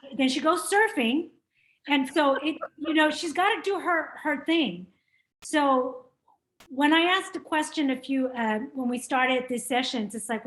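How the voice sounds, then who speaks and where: A woman with a high-pitched voice leads a small business workshop discussion. She talks in an encouraging, conversational way with her guest. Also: measured pace, fairly bright tone, low-quality recording. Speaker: workshop facilitator.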